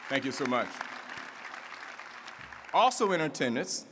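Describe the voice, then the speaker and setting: A man's voice: mid-range voice, big pitch swings, measured pace, a crowd in the background, background noise. A man acting as master of ceremonies at a civic event, reading formal introductions and building to a rousing, rhythmic oratorical finish. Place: large event hall with audience. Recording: reverberant hall, faint room ambience.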